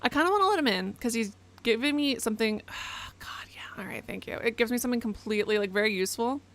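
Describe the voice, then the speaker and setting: A woman's voice: on the high side, expressive, fast talker, a bit bright. A young woman giving casual live commentary as she plays a horror game, chatty and prone to exclaiming and swearing. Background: music.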